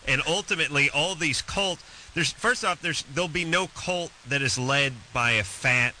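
A male talk radio host rambles bluntly and crudely. His voice is bright, with a light hiss on the recording. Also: a little high, normal speed, low-quality recording.

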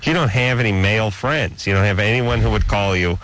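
A middle-aged man hosting a radio show, talking in sarcastic, ranting banter and dropping quick comic impressions. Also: fairly low pitch, fairly bright tone.

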